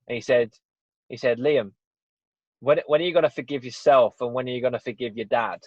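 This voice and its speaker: A man's voice: mid-range voice, a little fast, no echo. A man, a podcast guest telling a personal story in an earnest, rambling way, with frequent "you know" and "right?". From England. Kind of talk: personal storytelling in a casual interview. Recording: dull, dry podcast audio.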